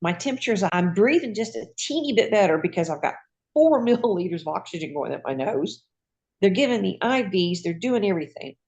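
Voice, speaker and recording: A woman, a retired nurse, telling her own patient story in a lively, folksy conversational way. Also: medium pitch, brisk. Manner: lively, acts out voices in quoted dialogue. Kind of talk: personal storytelling.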